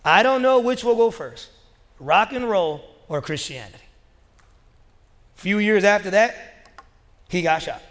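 High-voiced pastor in an echoing hall. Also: male voice, animated, unhurried, long pauses, fairly bright tone. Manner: casual, joking, conversational preaching. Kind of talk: sermon. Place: church sanctuary. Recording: long reverb of a large hall.

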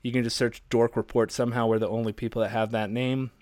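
A man's voice: medium pitch, flat delivery, fast, a little mellow, dry recording. Man in his thirties, casual podcast co-host, rambling and jokey, dry close sound. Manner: rambling, jokey, lots of fillers.

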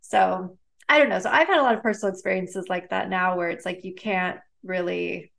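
A woman speaking as a guest, telling personal stories in a relaxed, chatty way with many fillers and frequent laughs. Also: on the low side, brisk, gravelly. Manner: chatty, lots of "like" and "um", laughs often. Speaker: guest, neuroscientist and author. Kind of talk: casual storytelling in a conversation.

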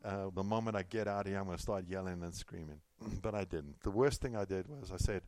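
This middle-aged pastor, a Californian, preaches in an easygoing, talky way, weaving in stories, asides and repeated phrases. His deep, slightly mellow voice moves fairly quickly, and the recording is dry.

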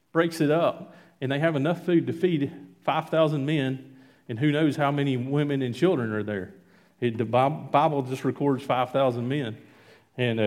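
A man giving an informal sermon and reading scripture aloud, conversational and halting, with frequent fillers and restarts. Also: a little high, a little mellow. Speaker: lay preacher.

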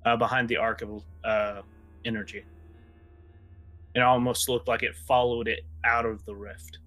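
A man's voice: medium pitch, a little slow, sharp tone, soft background music. A man narrating a tabletop game as game master, casual and drawling, with fillers and swearing.

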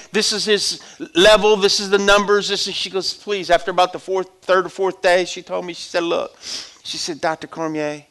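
A middle-aged man preaches a sermon built on his personal testimony, conversational in tone, swinging between loud exhortation and hushed storytelling. His voice sits high and sounds smooth.

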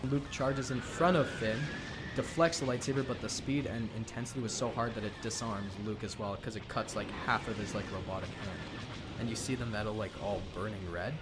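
A man casually retelling a film story as a podcast co-host, laughing often and tossing in quick character quotes. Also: lowish voice, fairly even intonation, over loud music. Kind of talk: casual animated storytelling chat.

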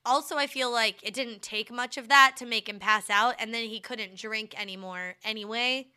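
Bright, clear-voiced young woman chatting. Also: fairly high pitch, moderate pace. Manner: animated, jokey, swears freely. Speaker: podcast co-host. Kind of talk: casual chat.

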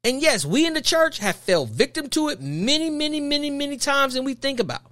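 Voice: sits high, animated, a little fast, fairly bright tone. A podcast host delivering an emphatic, preachy opinion monologue full of rhetorical questions and repeated phrases.

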